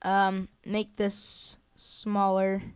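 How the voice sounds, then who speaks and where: A woman walking through a software drawing tutorial in a casual, hesitant way, with many fillers and self-corrections. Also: medium pitch, monotone, extremely slow, smooth, no echo. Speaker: tutorial creator. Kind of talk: screen-recorded software tutorial.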